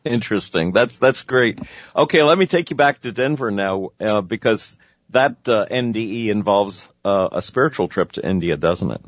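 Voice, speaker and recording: A man hosting an interview, reacting briefly and asking slow, hesitant questions. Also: on the low side, expressive, no echo, lo-fi sound. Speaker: host.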